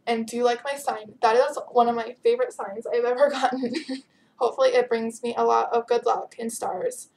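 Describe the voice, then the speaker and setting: A woman's voice: a little high, little pitch movement, fairly quick, gravelly, a little mellow. A teenage girl chatting casually as she answers viewer questions in her vlog, giggly and bubbly, sounding tired. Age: teens. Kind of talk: casual chat.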